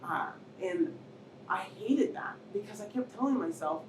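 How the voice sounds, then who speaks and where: Speaking on a panel in an event hall full of people, a middle-aged woman shares her story of surviving cancer, her emotion rising to near shouts and tears. She has a medium-pitched, animated voice at a moderate pace. The sound is roomy, picked up by a distant mic with faint noise.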